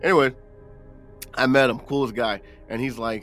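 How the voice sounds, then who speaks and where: Lively, bright-voiced man from Southern California. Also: medium pitch, moderate pace, soft background music. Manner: lively anecdote-telling, laughs often. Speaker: podcast host. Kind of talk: casual podcast chat.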